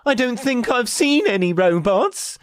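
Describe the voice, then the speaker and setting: Player doing a super polite rambly guy who says sorry a lot, lively up-and-down voice, dry sound. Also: medium pitch, unhurried, smooth, no room sound, close to an everyday voice. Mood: friendly. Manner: apologetic, rambling, fussy. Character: polite, overly chatty man who overwhelms people with questions.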